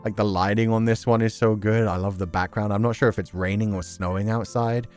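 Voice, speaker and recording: A man's voice: on the low side, fairly even intonation, a little fast, a little mellow, faint music behind. A man chatting casually on a live stream, reacting to fan art and laughing often.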